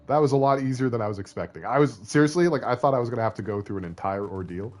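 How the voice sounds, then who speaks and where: Rapid-fire and medium-pitched, a young Canadian streamer reads a story game aloud, chatting and joking with his viewers. Faint game music plays in the background.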